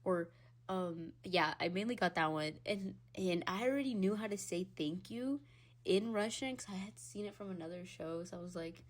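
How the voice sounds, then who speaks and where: Animated young woman ranting on a podcast. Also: normal speed. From Hispanic background. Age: young adult. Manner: animated, swearing, laughs often, big swings in pitch and loudness. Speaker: podcast host. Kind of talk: casual solo rant.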